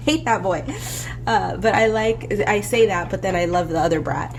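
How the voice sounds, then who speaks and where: Casual congested woman coloring, chatty and cheeky, mid-pitched, bit of pen scratching behind. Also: a little slow, vocal fry, a little hiss or hum. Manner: chatty, profane and playful, rambling asides. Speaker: coloring book artist and host. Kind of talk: casual chat while coloring.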